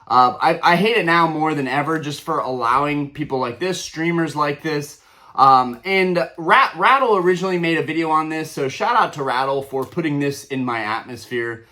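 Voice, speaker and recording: A young adult man running a Pokémon card collector channel rants heatedly in his vlog commentary, full of fillers and restarts. His voice is fairly high, bright and pushed, at a normal speed.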